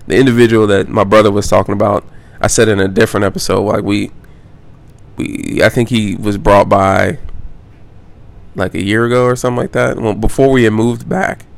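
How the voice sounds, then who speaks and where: A man hosts a solo podcast, talking loosely and rambling, full of fillers, restarts, self-corrections, and casual swearing. His voice is lowish and gravelly.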